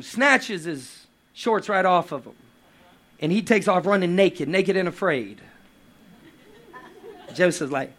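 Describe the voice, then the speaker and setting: A man preaching a lively sermon with playful asides and acted quotes. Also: sits high. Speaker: pastor.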